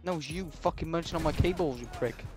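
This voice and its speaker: A man's voice: on the high side, fast, over music. A young man in online game voice chat, swearing nonstop and ranting insults at other players over a headset. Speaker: gamer.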